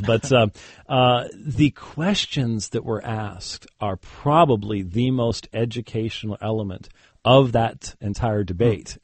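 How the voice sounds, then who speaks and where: A man's voice: lowish voice, a little slow, dry recording. A man who is a guest on an interview, a Christian debater telling a story casually with many fillers and chuckled asides. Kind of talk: conversational interview.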